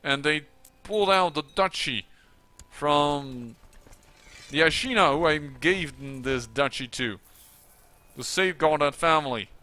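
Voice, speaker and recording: Bright-voiced man musing over a strategy game. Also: a little high, measured pace. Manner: musing to himself, exasperated outbursts. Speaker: let's play commentator.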